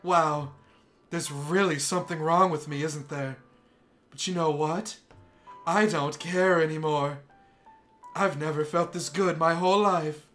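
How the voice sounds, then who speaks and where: A man voicing an obsessive, soft-spoken young woman, reading visual novel dialogue aloud in a hushed, intense voice. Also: on the high side, fairly even intonation, unhurried, pauses often, soft background music.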